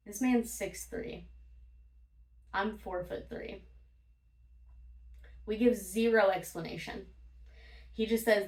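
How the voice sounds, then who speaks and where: A woman's voice: on the high side, a little slow, creaky, long pauses. A woman vlogger telling casual stories, blunt and profane, laughing often as she talks. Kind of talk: casual storytime monologue. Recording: roomy, from a distance.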